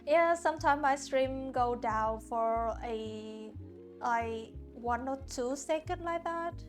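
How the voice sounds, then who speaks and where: With soft lo-fi music in the background, a Vietnamese-native art streamer from Hanoi talks casually to viewers as she paints. She speaks in a high voice at a slow pace, frequently starting over and groping for words.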